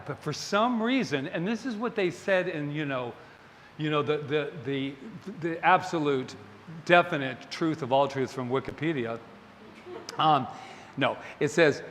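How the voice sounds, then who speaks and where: A man giving a sermon as a minister, telling a story in an animated, playful way. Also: medium pitch, moderate pace, a little hiss or hum. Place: spiritual center sanctuary. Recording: long hall reverb, faint ambience.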